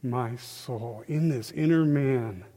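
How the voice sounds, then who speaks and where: Animated man preaching in a reverberant hall. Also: mid-range voice, slow pace. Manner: animated, folksy, acts out quotes. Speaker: lay preacher. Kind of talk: informal sermon. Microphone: handheld microphone.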